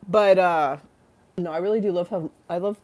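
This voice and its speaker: A woman's voice: on the low side, normal speed, a little mellow. A tired, yawning woman hosting a casual livestream talk show, rambling and self-mocking, laughing often and reading chat aloud.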